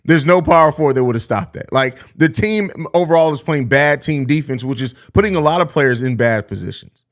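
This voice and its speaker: Male podcast host, casual and profane, snaps back at chat with sarcasm; voice sits a bit high. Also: brisk. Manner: blunt, profane, sarcastic, animated. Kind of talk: casual live-stream sports talk.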